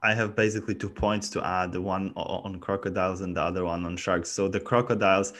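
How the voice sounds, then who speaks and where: Low-voiced man, curious casual host. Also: flat delivery, a bit bright. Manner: curious interviewer, halting restarts. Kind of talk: casual chat.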